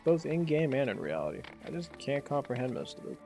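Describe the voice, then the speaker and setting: A man chatting offhandedly as he plays a game, dry and sarcastic. His voice is mellow with a gravelly fry, and faint music plays underneath. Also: medium pitch, sing-song, a little fast. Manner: sarcastic, offhand, laughing asides. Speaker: let's play gamer. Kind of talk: casual gameplay commentary.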